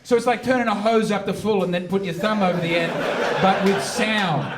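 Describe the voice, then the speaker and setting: A brash stand-up comedian with a very high male voice who delivers provocative material with mock earnestness. He is recorded from a distance in an echoey live venue, and a crowd laughs and reacts behind him. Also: a little fast, very noisy.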